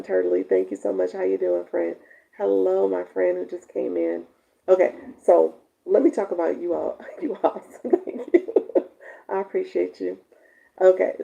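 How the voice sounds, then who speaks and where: Woman live-stream coach with a low, very dark, gravelly voice; chatty, laughs a lot, reads viewer comments aloud; dull lo-fi audio.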